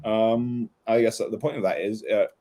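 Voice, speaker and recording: A man's voice: on the low side, fairly even intonation, moderate pace, warm tone. A man hosting a casual conversation, telling meandering personal anecdotes. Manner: rambling anecdotal storyteller. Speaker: host.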